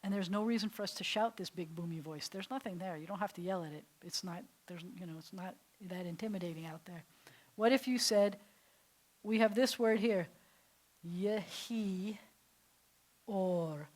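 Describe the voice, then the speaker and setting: A woman rabbi teaching a Hebrew class, explaining with enthusiasm and often dropping to soft, breathy whispers for emphasis. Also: fairly low pitch, brisk, poor audio. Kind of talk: classroom lesson. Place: synagogue classroom.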